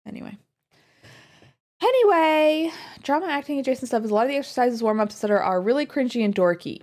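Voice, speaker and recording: A woman livestreamer chatting casually while she plays, rambling along with lots of fillers and quick asides. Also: sits high, expressive, darkish tone. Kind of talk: casual chat while gaming.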